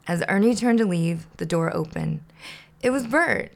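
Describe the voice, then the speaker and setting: A woman's voice: fairly low pitch, expressive, moderate pace, creaky. A woman podcast host reading a children's storybook aloud in a playful way. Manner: playful, laughs to herself.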